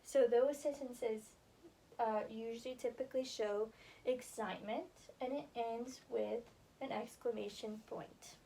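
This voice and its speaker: A young woman teaching a classroom grammar lesson, encouraging and slow-spoken as she writes on the board. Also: fairly high pitch, steady tone, gravelly, dark tone. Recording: distant camera with faint room noise.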